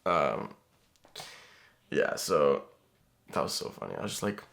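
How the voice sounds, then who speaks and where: A man's voice: sits low, normal speed, gravelly, pauses often. A young man talking casually to the camera in a rambling vlog, with lots of fillers. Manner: relaxed, rambling, frequent fillers.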